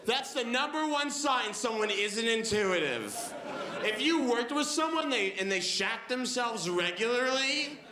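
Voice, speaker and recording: A man in his twenties performing a stand-up comedy set on a club stage, telling stories with wry, animated delivery. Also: very high voice, measured pace. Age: 20s. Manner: wry, animated storytelling with acted-out voices. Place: comedy club stage before a live audience. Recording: echoey club with background noise.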